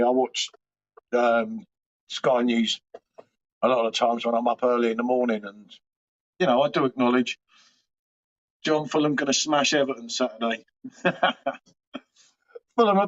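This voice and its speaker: A man hosting a live stream from home, rambling and swearing casually as he chats back to viewers' comments. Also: medium pitch. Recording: dull lo-fi stream audio.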